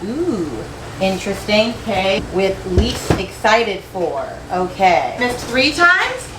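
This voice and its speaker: Young woman book vlogger, casual and excitable, quick high reactions. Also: noisy background. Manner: chatty and excitable, with sudden high exclamations. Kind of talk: casual chat.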